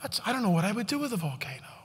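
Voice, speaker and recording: Picture a coddled, whiny young man fretting in a soft, mocking voice, as a man puts him on. The voice is quieter than plain talk and set back from the mic. A long reverb hangs in the hall. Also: high voice, very animated, racing. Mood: whining.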